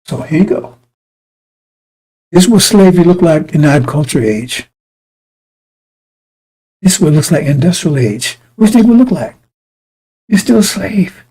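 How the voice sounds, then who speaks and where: Blunt, husky-voiced preacher man. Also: high-pitched, mellow, rough recording. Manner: blunt, profane, rambling, with many restarts. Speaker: preacher addressing a congregation. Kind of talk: informal broadcast sermon with personal stories.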